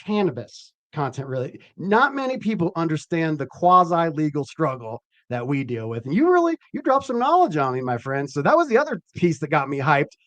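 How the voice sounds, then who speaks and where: A man hosting a cannabis growing podcast live, chatting casually in an animated, rambling and profane way. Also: on the high side, brisk, few pauses, no room sound. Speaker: podcast host. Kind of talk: casual live-stream chat.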